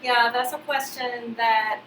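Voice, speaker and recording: A woman's voice: fairly high pitch, fairly even intonation, slow pace, a bit bright. A woman speaking on a panel, thinking aloud with hesitations and laughing often. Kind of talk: panel discussion. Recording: roomy sound from a distant mic, faint noise.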